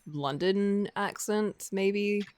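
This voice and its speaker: A woman's voice: medium pitch, drawn-out words, darkish tone, no echo. A woman in casual chat with a playful, teasing way of talking.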